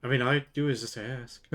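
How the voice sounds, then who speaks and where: Mid-range and darkish, the man's voice comes through as he drinks on a live stream while drunk. He chats casually with viewers, laughing frequently, swearing and rambling with lots of false starts.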